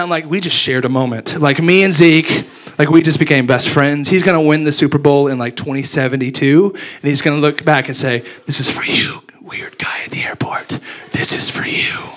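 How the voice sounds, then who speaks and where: A man's voice: fairly high pitch, fairly bright tone. A young man preaching, telling a self-mocking story and acting out his own thoughts. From Abilene, Texas. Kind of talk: storytelling sermon.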